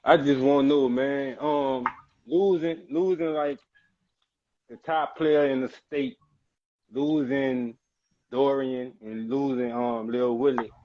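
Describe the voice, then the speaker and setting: A man's voice: medium pitch, fairly even intonation, slow, a little mellow. A laid-back male co-host asks his guest a question in easy conversation. His voice comes through dull, lo-fi call audio. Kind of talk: casual online show chat.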